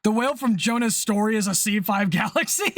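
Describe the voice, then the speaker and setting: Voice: mid-range voice, a bit bright, no echo, clean studio sound. A live streamer chatting casually while building LEGO, reacting to chat messages, laughing often and swearing freely.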